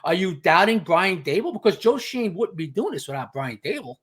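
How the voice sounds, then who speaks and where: Husky-voiced New man, animated podcast guest who tells stories emphatically. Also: high voice, a little fast. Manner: emphatic storyteller, repeats "you know" and "okay". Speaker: podcast guest, team insider. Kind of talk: casual sports podcast chat.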